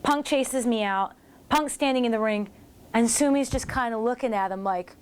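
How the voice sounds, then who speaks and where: A woman's voice: fairly high pitch, normal speed, clear, resonant tone. Chatty woman telling wrestling stories. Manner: animated, acts out others' lines in quotes. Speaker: former wrestler recalling her career. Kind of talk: casual storytelling commentary.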